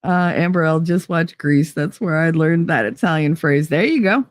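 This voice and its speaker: A woman's voice: low voice, normal speed, dry recording, studio quality. A woman in her forties hosting a casual live-chat show, chatty and teasing, laughing often as she reads comments. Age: 40s. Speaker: host.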